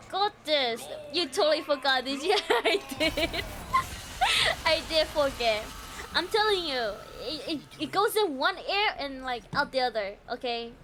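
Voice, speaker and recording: A woman's voice: sits high, measured pace. A woman streaming a game live, giggling, yelping at scares, taunting enemies and chatting with viewers. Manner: giggly and excitable, frequent laughter and yelps; taunts enemies and swears when startled.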